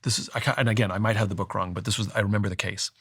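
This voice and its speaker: A man with a low, gravelly voice tells a story in conversation, thinking aloud as he goes. He often stops to restart, and his sentences sink softly at the end. The sound is close and dry, with no room echo. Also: steady tone, racing. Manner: reflective, restarts often, low trailing endings.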